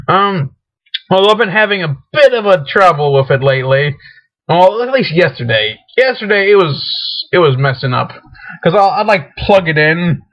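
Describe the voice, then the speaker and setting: A high-voiced young man chatting to the camera in a rambling, excitable way. He keeps restarting his sentences and slips into frantic acted-out rants. The audio is dull and lo-fi, like an old webcam mic. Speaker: vlogger. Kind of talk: rambling casual vlog.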